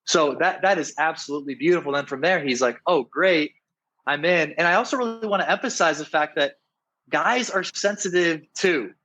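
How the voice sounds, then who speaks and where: A man with a slightly high voice talks as a dating coach in a relaxed interview. He is earnest and often restarts his sentences. He keeps checking in with his listener by asking "right?". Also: a little fast, low-quality recording. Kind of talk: casual interview talk.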